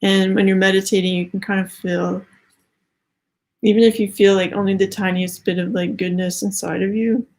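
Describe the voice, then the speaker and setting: A woman's voice: mid-range voice, little pitch movement, moderate pace, a little mellow. A young adult woman giving a casual spiritual tarot reading, rambling with many "like" fillers and slightly out of breath. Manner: rambling, heavy use of "like" fillers. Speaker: tarot card reader.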